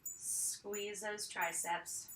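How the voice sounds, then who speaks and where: A woman's voice: mid-range voice, steady tone, extremely slow, fairly bright tone, echoey room, far from the mic. A woman fitness instructor leading a home arm workout, counting reps and cueing each move while she exercises along.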